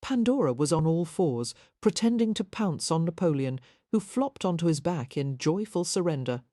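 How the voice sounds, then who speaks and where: A woman narrating a historical romance audiobook in an even, measured reading. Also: fairly low pitch, no echo, studio quality. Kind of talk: scripted narration.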